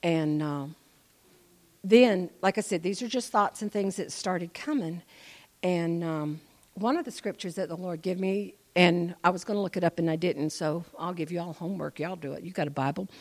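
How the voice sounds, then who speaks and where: A woman giving an informal church testimony, chatty and animated, moving between quiet asides and loud emphatic preaching. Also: fairly low pitch, normal speed. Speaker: speaker sharing a testimony.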